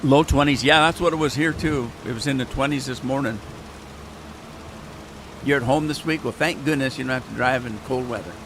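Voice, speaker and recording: A man's voice: mid-range voice, brisk, background noise. A man with an ordinary mid-range voice chats his way through a game, muttering to himself and answering viewers. His talk is loose and rambling. A faint patter of game rain sits behind him. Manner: rambling, chatty, talks to himself and chat. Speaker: gaming channel host. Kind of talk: casual gameplay commentary. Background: rain sounds from the game.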